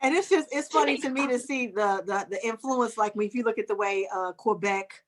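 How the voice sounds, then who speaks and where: Brief: woman in casual podcast talk, pitched high, animated and jokey. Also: brisk, noisy background. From United States. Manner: animated, laughing, acts out quoted voices. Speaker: guest author and comedian.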